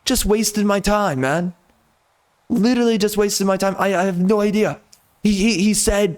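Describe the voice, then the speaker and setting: A man's voice: high-pitched, moderate pace. A man giving casual gameplay commentary as a video creator, ranting in frustration with frequent mild cursing.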